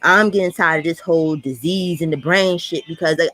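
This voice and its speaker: A woman's voice: fairly low pitch, a bit bright, no room sound. Woman commentator who rants bluntly and swears a lot; dry, close recording. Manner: blunt, profane, fast ranting. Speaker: commentary vlogger. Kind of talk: ranting reaction commentary.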